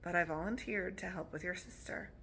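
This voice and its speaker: A gentle young princess from a storybook explains things softly and formally, as a woman reading aloud puts her on. The voice is bright with a light gravelly grain, over a faint hiss. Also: lowish voice, fairly quick. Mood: earnest.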